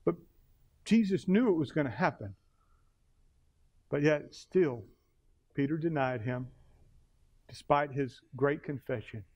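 High-voiced male pastor preaching dramatically. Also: expressive, darkish tone. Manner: dramatic storytelling, slowing for emphasis. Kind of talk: sermon.

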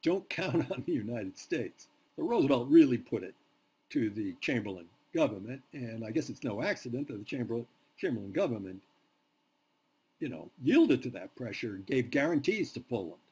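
Male history professor in a classroom, lively swooping delivery, slightly husky, drives points home with rhetorical questions. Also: mid-range voice, normal speed. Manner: emphatic, asks rhetorical questions. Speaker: history lecturer. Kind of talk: university lecture.

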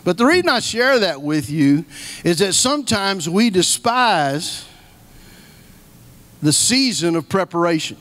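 High-voiced man preaching a folksy sermon. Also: big pitch swings, a little slow, pauses often, fairly bright tone. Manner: storytelling, folksy, repeats key phrases for emphasis. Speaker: guest preacher.

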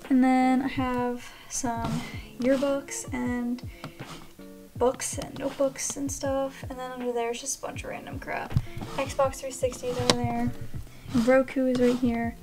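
A woman's voice: high voice, flat delivery, a little slow, over music. A young woman vlogging her day in a chatty, self-mocking way, sometimes dropping to a near whisper. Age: young adult. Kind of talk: casual vlog chat.

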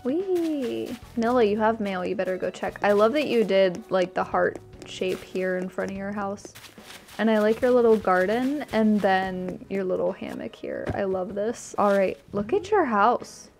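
A woman's voice: mid-range voice, a little slow, creaky, a little mellow, faint music behind. A woman giving casual, gushing commentary while she tours a game island, easily delighted and chatty. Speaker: streamer touring a game island.

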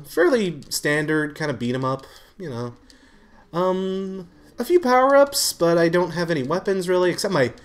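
A man giving live commentary while playing a video game, excitable and given to swearing. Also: a little high. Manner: excitable, swears, frequent shouts and laughs. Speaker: gaming YouTuber. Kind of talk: live let's-play commentary.

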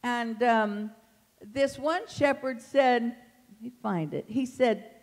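A woman's voice: a little high, slow pace. Woman teaching scripture in an echoing hall. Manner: tender, emotional and animated, reads scripture aloud. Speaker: Bible study teacher. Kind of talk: Bible study teaching. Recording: long hall reverb.

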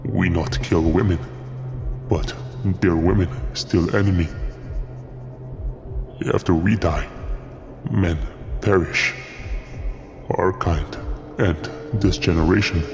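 Man voicing a deep gravelly Neanderthal woman. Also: steady tone, slow, pauses often, darkish tone, faint music behind, exaggerated voice. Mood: grim. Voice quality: deep gravelly broken speech. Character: savage primitive Neanderthal woman, broken speech. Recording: echoey reverb effect.

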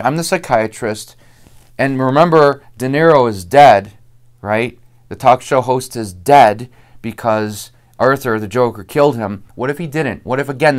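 A man casually chatting about a film, rambling and acting out lines as he goes. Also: mid-range voice. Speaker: host. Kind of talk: casual chat.

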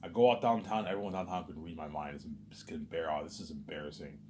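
A man's voice: extremely low pitch, fairly even intonation, fast talker, mellow, a little hiss or hum. A man delivering a rambling, agitated vlog monologue, repeating "obviously" and "man" and swearing often. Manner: repetitive, peppers speech with "obviously" and "man". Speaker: vlogger.

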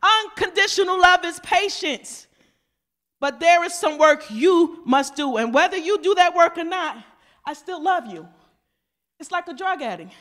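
High, bright-voiced woman preaching. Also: animated, measured pace. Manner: conversational preaching, mimics voices, asks the congregation questions; swings between loud emphatic shouts and quiet asides. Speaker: pastor. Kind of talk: lively casual sermon.

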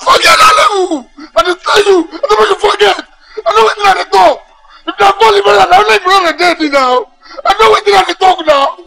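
A man's voice: extremely high pitch, fast, creaky, low-quality recording. An actor playing an agitated young male gang member with a Nigerian accent, speaking Pidgin English in an insistent, emotional way. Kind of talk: Nollywood film acting.

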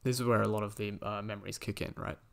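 A man's voice: lowish voice, flat delivery, fast talker, creaky, a bit bright. A man hosting a podcast, chatting casually about a movie and recapping the plot with lots of fillers and quoted lines. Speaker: podcast host.

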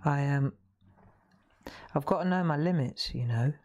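A woman in her sixties hosts a live craft demonstration with a low, deep-set voice. She talks in a rambling, friendly way and often stops and restarts her sentences as she works. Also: measured pace, a little mellow. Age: 60s. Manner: chatty, rambling, self-interrupting. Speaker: craft show host.

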